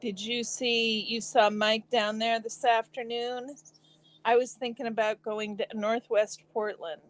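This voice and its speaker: A woman hosting a relaxed live stream, chatting casually with viewers and answering their comments while eating. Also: a little high, measured pace, poor audio. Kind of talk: casual chat reading comments.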